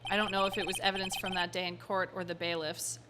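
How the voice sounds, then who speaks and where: A woman's voice: fairly low pitch, little pitch movement, fast talker, very noisy, close to an everyday voice. A woman voicing a haunted young male prosecutor in a game, speaking in a brooding, somber way. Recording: loud game music behind.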